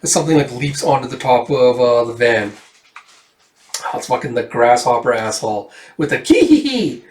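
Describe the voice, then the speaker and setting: A man's voice: medium pitch, sing-song, moderate pace, a little mellow. A man casually reading through a comic and reacting, with fillers and swearing. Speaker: comic reader and reviewer. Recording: roomy, distant mic.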